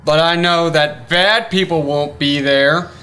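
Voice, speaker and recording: A man's voice: on the high side, steady tone, measured pace, sharp tone. A man voicing a grumpy, self-righteous male puppet in a comedic church skit, huffy and smug, growling "roar" when cross.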